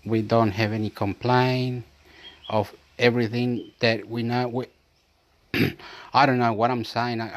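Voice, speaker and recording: A man's voice: mid-range voice, level tone, unhurried. A man from Chile talking in a rambling, repetitive casual monologue, reading bits aloud from a screen as he goes.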